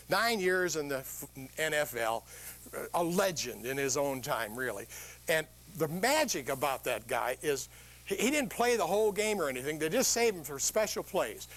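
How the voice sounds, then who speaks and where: Speaking at a moderate pace in a voice on the high side, this older motivational speaker entertains a live audience with humor. His storytelling is lively, and he keeps firing questions at the crowd.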